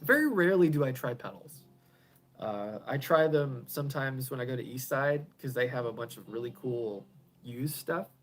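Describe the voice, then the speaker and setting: A man building pedals and hosting a casual live stream from his garage, answering viewers in a rambling way, often chuckling and trailing off quietly at the ends of thoughts. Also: mid-range voice, animated, normal speed, soft background music. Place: home garage.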